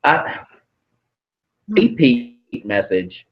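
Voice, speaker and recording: A man's voice: medium pitch, big pitch swings, very slow, highs cut off. A man channeling messages in a casual, hesitant way, with many ums and some casual swearing.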